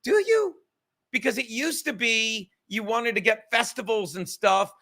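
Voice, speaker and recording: A man, a comedian hosting a podcast, talking in crude, animated, profane banter. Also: extremely high pitch, unhurried, vocal fry. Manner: crude, animated, swearing often. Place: car.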